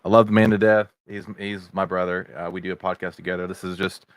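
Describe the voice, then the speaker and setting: Deep-voiced casual male podcast host. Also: flat delivery, fast talker, dry recording. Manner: rambling, with many fillers, greets viewers in chat. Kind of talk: casual livestream chat. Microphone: video chat setup.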